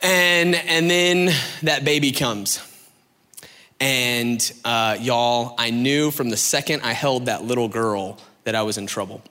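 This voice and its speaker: A man's voice: medium pitch, slow pace, sharp tone, smooth, long reverb tail. A man in his thirties preaching on a stage, telling a story with many asides and fillers. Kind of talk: sermon. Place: large hall on a stage.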